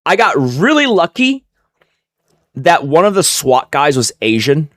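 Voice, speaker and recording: A man's voice: fairly high pitch, measured pace, no echo, studio quality. A young man streaming live, telling a story in a casual, profane way and acting out what others said. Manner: animated, profane, acts out quoted voices.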